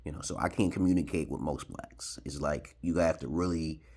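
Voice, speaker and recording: A husky, slightly mellow bass voice, fairly quick, belongs to a Brooklyn, New York man in his forties. The video blogger tells a rambling story to camera, chuckling and tagging his points with "okay?".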